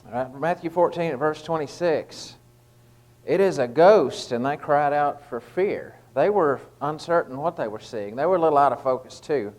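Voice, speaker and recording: On a low-quality recording, a man delivers a brief, casual evening devotional as a lay preacher, leaning on fillers and restarting his sentences. His voice is a little high, at normal speed with hardly any pauses.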